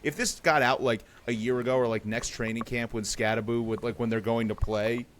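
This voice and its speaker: A man's voice: medium pitch, fairly even intonation, brisk, slight background noise. A man co-hosting a sports podcast, chatting casually and rambling with sarcastic asides. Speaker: podcast co-host.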